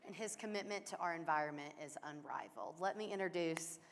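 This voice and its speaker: A woman's voice: on the low side, fairly quick, slight background noise. A woman emceeing a conference, introducing the next speaker in a playful way. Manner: playful, laughing. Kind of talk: event introduction. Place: conference hall. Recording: long reverb of a conference hall with faint ambience.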